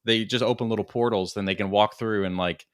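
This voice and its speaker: A man's voice: on the low side, fairly even intonation, brisk, clear, resonant tone, no room sound. A man co-hosting a casual chat, joking with a dry sense of humor. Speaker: co-host.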